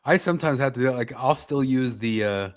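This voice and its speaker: A man's voice: mid-range voice, brisk. A man hosting a podcast, griping and joking in casual chat, often repeating his words. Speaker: podcast host.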